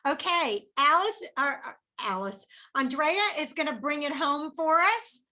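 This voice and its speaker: Bright, upbeat woman hosting a call. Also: high-pitched, lively intonation, measured pace. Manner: effusive, praising, upbeat. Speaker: team leader hosting the call. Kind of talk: motivational business call.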